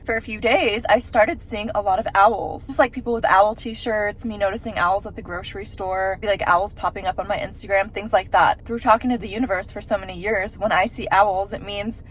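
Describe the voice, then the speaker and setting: A woman tells a personal story straight to the camera in a casual, chatty vlog. Her pitch sits in the middle range and she keeps the telling lively, with plenty of "like"s. A faint noise floor sits under her voice. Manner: chatty, animated retelling with many "like"s. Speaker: vlogger.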